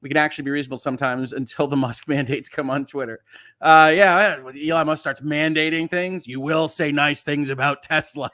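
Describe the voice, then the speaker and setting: A man's voice: fairly high pitch, fairly even intonation, brisk, pushed and bright. A middle-aged man hosting a casual livestream, chatting and reassuring viewers while reading their comments, often laughing. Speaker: host.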